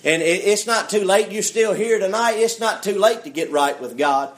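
High-voiced preacher in an echoey church. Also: male voice, normal speed. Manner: preaching with call-and-response, repeats "friend" and "why?". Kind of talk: fiery sermon. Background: congregation calling amen.

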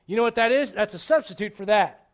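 A man preaching a sermon in church, humorous and animated, dropping to quiet asides and rising to shouts. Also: high-pitched, fast. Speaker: pastor.

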